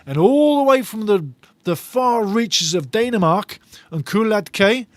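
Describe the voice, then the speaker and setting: A man's voice: high-pitched, animated, slow. A man with a slightly raised voice hosts a live football watch-along, reading viewers' comments aloud with eager enthusiasm. He tends to repeat his phrases. The sound is dry and close, with no room echo. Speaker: fan channel host.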